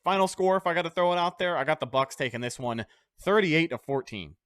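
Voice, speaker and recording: A man's voice: fairly high pitch, animated, brisk, a bit bright, dry recording. A man hosting a casual sports podcast, talking with confident, brash energy and casual swearing. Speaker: podcast host.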